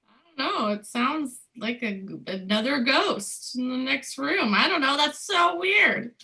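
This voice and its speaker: Playful woman tabletop player, high pitch, bright tone. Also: animated, a little slow, vocal fry. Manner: giggly, playful. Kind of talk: playing a tabletop game.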